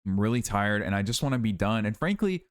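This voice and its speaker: Worn-out young male YouTuber with a fairly low voice, venting in a rambling, self-critical vlog monologue. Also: very animated, fast talker. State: tired, worn out.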